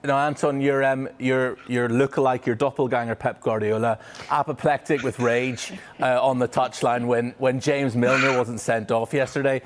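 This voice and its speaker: A man's voice: medium pitch, level tone, moderate pace, a little hiss or hum. A man presenting a sports panel, asking playful, teasing questions. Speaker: news presenter. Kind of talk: studio panel chat.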